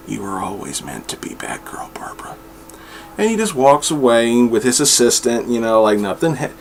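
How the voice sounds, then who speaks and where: A man chatting his way through comic book reviews at home, rambling with frequent fillers and restarts. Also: mid-range voice. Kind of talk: casual review vlog. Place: room at home with his dog.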